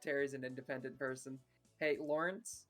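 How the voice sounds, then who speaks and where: A prickly teen hero girl, as a player puts her on, curt and quick to threaten, her voice at a middle pitch with faint music behind it. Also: steady tone, lightly acted. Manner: curt, sulky, then threatening. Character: blunt, irritable teen superhero girl.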